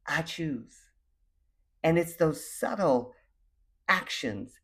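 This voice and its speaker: Animated man giving a motivational talk. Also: unhurried. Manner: animated, acts out quoted voices with big pitch swings; repetitive, emphatic phrasing. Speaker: motivational speaker. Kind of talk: motivational birthday message.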